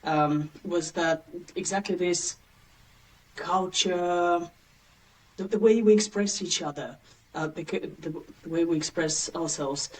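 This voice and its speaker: A woman in her late thirties from Bulgaria, speaking English with a Bulgarian accent as an interview guest, chatty and quick to laugh. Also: on the low side, recorded from a distance, rough recording. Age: late 30s. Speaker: guest, agency founder. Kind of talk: casual interview chat.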